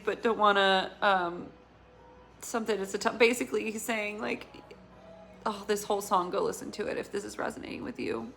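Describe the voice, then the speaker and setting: A woman's voice: mid-range voice, steady tone, moderate pace, a bit bright, faint music behind. A woman giving a casual intuitive tarot reading, talking in a rambling, earnest and emotional way with many fillers. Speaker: tarot reader.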